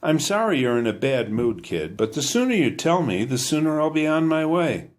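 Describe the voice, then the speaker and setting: A man's voice: a little high, very animated, moderate pace, voice pushed up. A man doing a coaxing British biker. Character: charming British male biker, friendly, persistent.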